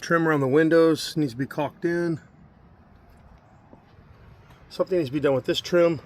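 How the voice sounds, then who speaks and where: A man's voice: a little high, steady tone, quick pace. A man walking around a house and yard, listing the repairs still to be done in a matter-of-fact way. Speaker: property manager doing a walkthrough. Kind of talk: casual spoken inspection notes. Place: outdoors around a house and yard, then indoors. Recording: faint background noise.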